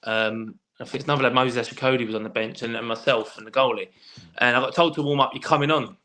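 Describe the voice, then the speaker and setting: A man's voice: medium pitch, quick pace. A man telling stories in a casual podcast chat, swearing freely and restarting his sentences often. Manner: animated storyteller, swears freely, many restarts. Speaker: guest, former footballer.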